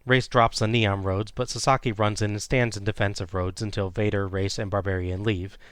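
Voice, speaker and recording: A man co-hosting a podcast, retelling a wrestling match play by play in a steady, casual way. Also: fairly low pitch, a little fast, no echo. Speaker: podcast co-host recapping wrestling. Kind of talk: casual recap narration.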